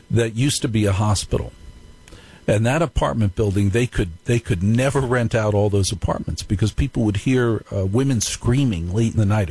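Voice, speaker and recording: A man's voice: on the low side, warm tone, breathy edge, low-quality recording. A man hosting a live call-in radio show, telling stories in a playful, joking way. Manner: playful, jokey storytelling. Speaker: radio talk show host.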